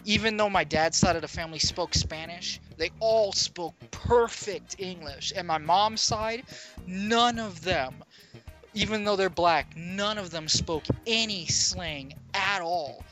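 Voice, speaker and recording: A man with a bright, clear voice chatting casually on a podcast. He rambles and pokes fun at himself, and faint music plays underneath. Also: sits high, unhurried. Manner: self-deprecating, rambling. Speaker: podcast co-host. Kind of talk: casual chat.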